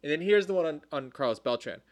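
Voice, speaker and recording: A man co-hosting a casual sports podcast, talking in an animated, exasperated way with quick asides. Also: on the high side. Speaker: podcast co-host.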